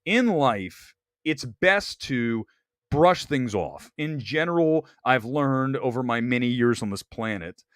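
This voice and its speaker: Animated man ranting on a movie show. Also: mid-range voice, takes it slowly, no echo, clean studio sound. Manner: animated, rambling, emphatic rants. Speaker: movie talk show host. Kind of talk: live-stream movie commentary. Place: Los Angeles area.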